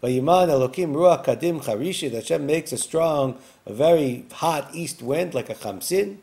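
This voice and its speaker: A man's voice: fairly high pitch, expressive, moderate pace, vocal fry, darkish tone. A man teaching a Bible lesson who reads each Hebrew verse aloud and then translates and explains it line by line. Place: recorded for an online class video.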